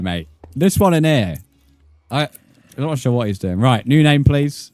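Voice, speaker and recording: A man with a British accent, giving profane, excitable live commentary while streaming a game. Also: medium pitch, unhurried. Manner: profane, excitable, mock-outraged. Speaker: gaming streamer.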